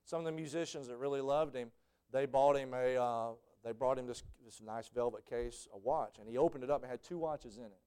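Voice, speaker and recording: A male preacher, giving a sermon full of stories. His voice drops low and then bursts out in shouts. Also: a little fast, clear, resonant tone. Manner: storytelling, swings from hushed to shouting.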